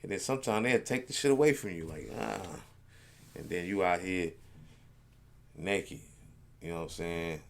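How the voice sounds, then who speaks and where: A man's voice: low voice, normal speed, long pauses. A man hosting a reaction video, chatting casually in a rambling, laid-back, slangy way.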